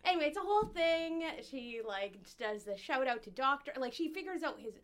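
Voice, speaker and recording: A woman's voice: high-pitched, lively intonation, fairly quick. Blunt, cursing woman with a slight lisp. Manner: blunt, swears freely, heated and opinionated. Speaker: co-host candidate. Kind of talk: casual podcast chat, telling a story.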